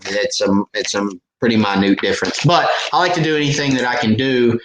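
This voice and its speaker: A man's voice: medium pitch, steady tone, fairly quick, echoey room, a little hiss or hum, low-quality recording. A man hosting a live fishing Q&A stream, answering viewer questions in a chatty way and laughing at his own jokes.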